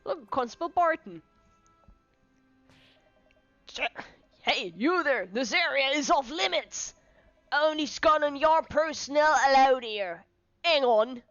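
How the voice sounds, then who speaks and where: A woman's voice: sits high, lively intonation, slow pace, long pauses, a bit bright, no echo, muffled recording, soft background music, voice pushed up, full character voice. A woman voicing a stern, bossy male police inspector in a video game who barks orders.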